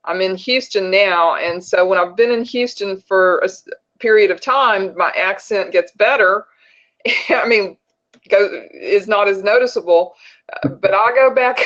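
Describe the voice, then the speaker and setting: A woman's voice: medium pitch, a little slow, a bit bright. A woman from northern Texas with a Texan accent, a guest in a casual video-call chat, easygoing and chatty. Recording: dull lo-fi call audio.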